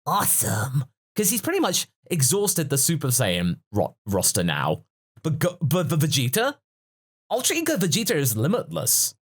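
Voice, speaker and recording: A man's voice: fairly high pitch, wildly swooping pitch, moderate pace, husky. A man hosting a casual podcast discussion, musing and analytical in a chatty way. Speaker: podcast host.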